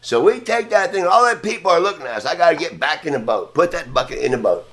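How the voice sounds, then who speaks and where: A man's voice: a little high, animated, fast, fairly bright tone. A man hosting a podcast, telling a long story in a casual, rambling, profane way. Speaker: podcast host.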